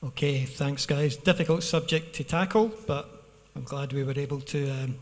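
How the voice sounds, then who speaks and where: A man hosting a fan Q&A, reading out questions in a steady, measured way. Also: medium pitch. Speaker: Q&A host. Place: arena hall. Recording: long arena reverb.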